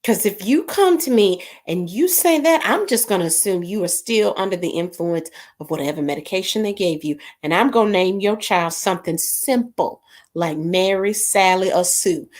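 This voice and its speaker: A woman's voice: mid-range voice, animated, normal speed, a little mellow. A woman, hosting a casual livestream and reading viewer comments aloud, laughing often and puzzling over unusual names.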